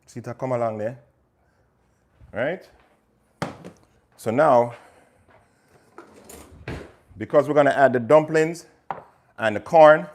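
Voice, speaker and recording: A male chef chats loosely through a cooking livestream from his kitchen, calling out viewers by name as he works. His talk is casual and rambling, with plenty of "you know" and "right?" thrown in, at an ordinary mid-range pitch for a man. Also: slight background noise. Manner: chatty, talks to viewers by name, pushes his cookbook. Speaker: chef and host.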